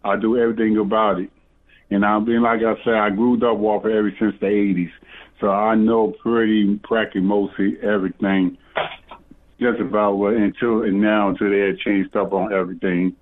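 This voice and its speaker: A man's voice: on the low side, little pitch movement, a little fast. A man calling in on a phone, rambling and hesitant, stopping and restarting with many fillers. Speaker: caller. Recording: tinny phone line.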